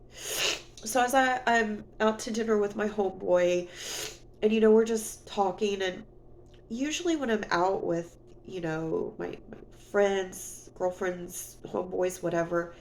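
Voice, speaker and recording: A woman talks straight to camera in a casual storytime vlog, her voice gravelly with a lot of vocal fry. She rambles as she vents and fills her talk with "you know". She sounds sniffly, close to tears. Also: mid-range voice, slow pace, slight background noise. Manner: rambling, full of "you know", emotional venting. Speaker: vlogger.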